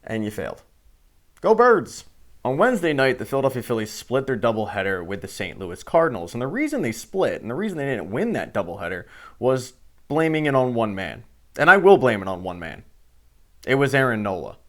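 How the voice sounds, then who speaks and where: A man's voice: mid-range voice, very animated, brisk, a bit bright. A man hosting a sports show, ranting with heated, sarcastic and profane commentary.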